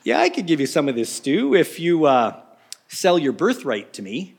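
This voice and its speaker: A man's voice: a little high, huge pitch swings, moderate pace, creaky, husky, full character voice. A man doing a sly, nervous young schemer.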